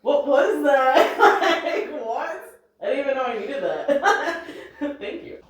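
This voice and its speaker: A woman's voice: high-pitched, expressive, takes it slowly, recorded from a distance. A woman reacting as a chiropractic patient, exclaiming and laughing between her words in a clinic treatment room. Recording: echoey room.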